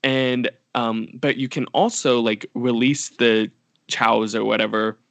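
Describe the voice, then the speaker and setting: A man's voice: mid-range voice, steady tone, measured pace, vocal fry, fairly bright tone, no echo. A young man co-hosting a podcast, telling rambling stories full of fillers. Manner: rambling storyteller, many fillers. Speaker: podcast co-host. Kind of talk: casual chat.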